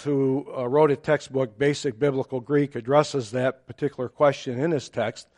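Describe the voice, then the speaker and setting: A male pastor with a medium-pitched voice preaches a sermon, explaining a Bible passage in a measured, teacherly way with occasional fillers.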